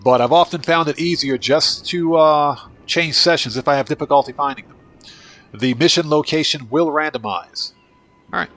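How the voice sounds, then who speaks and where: A man's voice: fairly high pitch, normal speed. A man with a congested, fading voice hosting a gameplay livestream, chatting casually with viewers and thanking them by name. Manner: relaxed, talks to chat and thanks viewers by name. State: congested and losing his voice. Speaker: livestream host, gamer.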